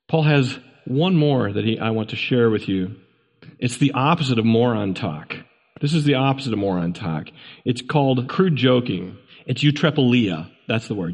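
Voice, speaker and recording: A man preaching a sermon as pastor, swinging between loud stern warnings and soft low asides. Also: husky. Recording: long hall reverb.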